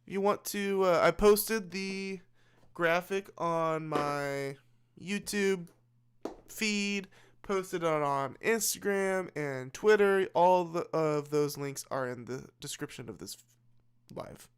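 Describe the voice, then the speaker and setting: A man's voice: fairly high pitch, slow pace, clean tone. Rambling young male livestream host. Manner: rambling, repeats and restarts words. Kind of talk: casual late-night livestream chat.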